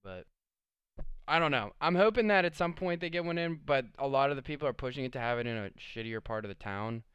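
A man's voice: medium pitch, animated, fast talker, fairly bright tone, smooth, dry recording, highs cut off. A young man telling a rambling party story in casual chat, laid-back, with plenty of swearing and filler words. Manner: laid-back, swears a lot, lots of "like" and "dude".

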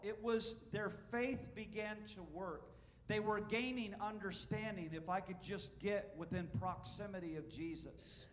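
A man preaching in a church, his slightly high voice ringing out into a long reverb. He tells his story with animated energy, stopping often to ask the congregation questions. Faint room ambience sits under the voice. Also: slight background noise. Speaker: pastor. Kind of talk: sermon with storytelling. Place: church sanctuary.

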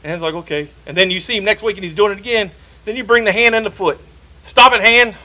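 Emphatic high-voiced man preaching. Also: racing, pushed and bright, poor audio. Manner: emphatic, repeats key phrases for stress. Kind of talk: sermon.

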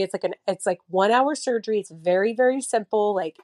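A woman's voice: medium pitch, fast, hardly any pauses, a little mellow, no echo. Chatty thirties woman, story-driven podcast talker, quotes people in little voices, dry close sound. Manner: chatty storyteller, many fillers, acts out quotes. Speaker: mother of a child with a heart condition. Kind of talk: casual podcast conversation.

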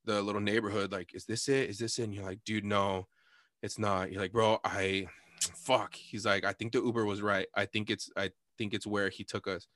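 There's no echo in this studio-quality clip of a young man with a lowish voice, talking at normal speed. Chatting casually, he tells a lively story full of profanity and acts out what people said.

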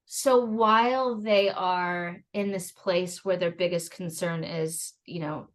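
A woman hosting a podcast, chatting casually in long rambling stories with quick asides. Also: fairly low pitch, steady tone. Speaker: podcast host.

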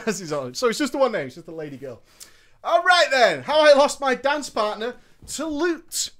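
A man with a high, bright voice reads viewers' gaming stories aloud at normal speed, his pitch jumping widely from line to line. He keeps pausing to react with profane jokes and frequent laughter. The whole storytelling chat is animated, loose, and conversational.

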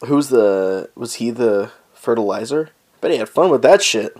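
A man hosting a casual solo podcast from home. He talks in a loose, rambling way, swears freely, jokes as he goes and keeps wandering off topic. His voice sits at an ordinary pitch for a man. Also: lively intonation, moderate pace, darkish tone, a little hiss or hum. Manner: rambling, profane, joking, easily sidetracked. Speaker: podcast host.

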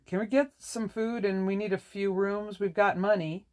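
A reader voicing a hungry, worn-out traveling man who pleads hoarsely. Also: mid-range voice, steady tone, moderate pace, voice pushed up, lightly acted. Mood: pleading. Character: starving weary traveling man.

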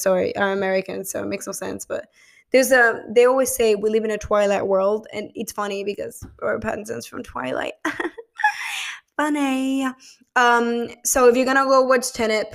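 Woman podcast host, casual solo film chat, rambling, swears freely, lots of ums, middle pitch.

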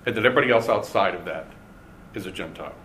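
Male Bible teacher, measured lecture delivery, faint background hiss. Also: deep voice, fairly bright tone. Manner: deliberate, stresses key words with pauses.

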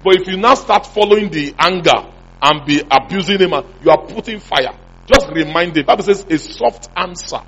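A man's voice: high-pitched, normal speed, fairly bright tone, husky. A man preaching a sermon as a pastor, often asking the congregation whether he is making sense. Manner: call-and-response preaching, repeated questions to the congregation. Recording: muffled lo-fi sound.

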